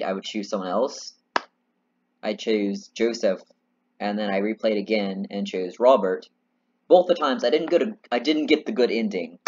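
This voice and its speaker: A man chatting casually while playing a story game, rambling and self-mocking, on a slightly muffled recording with faint hiss. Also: on the low side. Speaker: let's play host.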